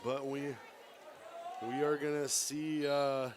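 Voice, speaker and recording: A man giving live play-by-play commentary on a volleyball match in a school gym, often reacting with quick exclamations. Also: fairly high pitch, noisy background. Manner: excitable, exclaims "ooh" at big plays. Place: school gymnasium.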